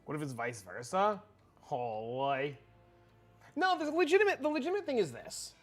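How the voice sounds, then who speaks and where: Guy streaming and rambling to chat, swearing a lot, voice bouncing all over, kinda high. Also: normal speed, soft background music. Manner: rambling, profane, animated, repeats himself. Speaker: livestreamer. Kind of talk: casual livestream chat with viewers.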